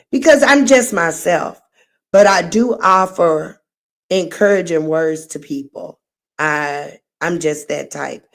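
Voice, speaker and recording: A middle-aged woman hosting a livestream, chatting casually and telling meandering stories in a friendly way. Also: low voice. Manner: chatty, warm-hearted, meandering storyteller. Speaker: livestream host.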